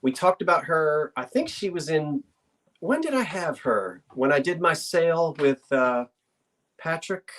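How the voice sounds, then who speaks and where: A woman's voice: sits low, sing-song, measured pace. A woman hosting a live online sale, describing an item in casual, rambling chat full of asides.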